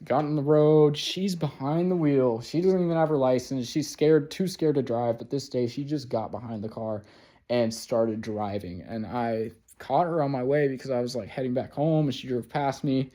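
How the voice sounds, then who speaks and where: With a dark, mid-range voice, fairly even intonation and a moderate pace, this male vlogger rambles through a personal story. He curses a lot and leans heavily on fillers such as "like" and "you know."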